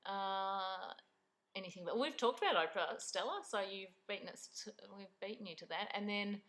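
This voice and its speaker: A woman's voice: mid-range voice, normal speed, a bit bright, poor audio. A middle-aged Australian woman hosting a casual vlog chat, enthusiastic and chatty as she answers viewer questions. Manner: chatty, enthusiastic, laughs often. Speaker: vlog host.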